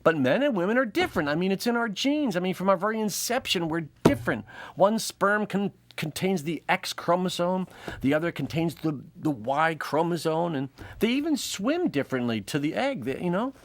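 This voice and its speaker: A man's voice: high-pitched, big pitch swings, moderate pace. A man hosting a comedy show, delivering a jokey stand-up monologue and laughing often.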